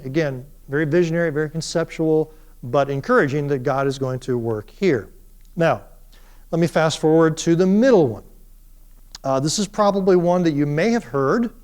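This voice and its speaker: A man's voice: on the high side, clear, resonant tone. A middle-aged man lecturing a university class on the Bible, telling stories and acting out the quotes in different voices. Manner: animated storyteller, acts out quotes in voices.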